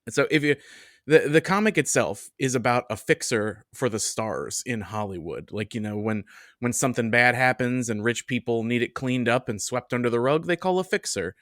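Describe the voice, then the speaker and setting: A man's voice: mid-range voice, expressive, moderate pace, fairly bright tone, no room sound, studio quality. A man chatting casually as a podcast guest, easygoing and often restarting his phrases.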